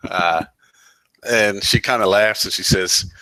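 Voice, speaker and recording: A very low-pitched man runs a tabletop game, his voice bright and forceful. He narrates the scene in a relaxed, stop-start way, full of fillers. The sound is close and dry. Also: slow pace, no echo, low-quality recording. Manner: relaxed, hesitant storytelling with many fillers. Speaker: game master.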